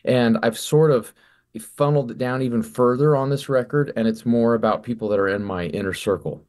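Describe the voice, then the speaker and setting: A man in his forties, a musician on the radio, talking about his album in a relaxed, reflective way and often repeating words as he thinks. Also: mid-range voice, brisk. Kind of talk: relaxed radio interview talk.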